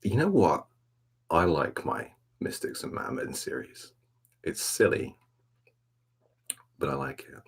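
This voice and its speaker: A very deep, gravelly man chatting softly on an ASMR live stream. He rambles in a laid-back, self-mocking way, answering the chat. His voice is husky. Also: huge pitch swings, slow, pauses often. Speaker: ASMR livestream host.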